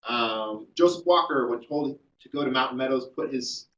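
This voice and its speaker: A man's voice: mid-range voice, moderate pace, a bit bright, far from the mic, dull audio. A man giving a classroom history lecture, telling the story conversationally with many ums and uhs.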